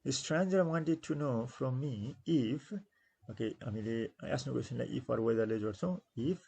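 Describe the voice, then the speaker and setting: Gravelly, husky Nepali-accented male teacher. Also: mid-range voice, animated, a little mellow, rough recording. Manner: repeats words slowly to stress syllables, with many fillers; switches into Nepali to explain. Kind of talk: exam-prep lesson explaining a textbook.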